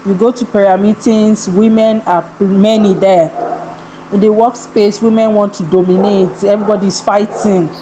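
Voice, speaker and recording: A woman's voice: mid-range voice, fairly even intonation, moderate pace, noisy background. A woman speaking as a guest on a video call, a little under the weather, chatty and laughing often. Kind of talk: online talk. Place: home with a generator running nearby.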